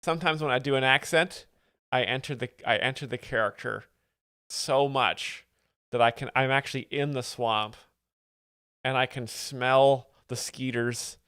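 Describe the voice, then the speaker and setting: Young male host, deadpan pseudo-expert, rambling, close mic, smooth tone. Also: medium pitch, measured pace, no echo. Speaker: livestream host explaining comedy. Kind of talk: deadpan mock-expert commentary.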